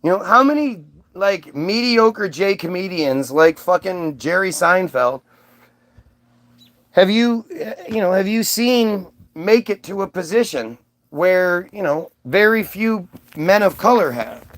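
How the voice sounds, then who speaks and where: A man's voice: high voice, expressive, a little slow, fairly bright tone. A man ranting on his own channel in a rambling, profane way, restarting his sentences often. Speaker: vlogger. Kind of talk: ranting monologue.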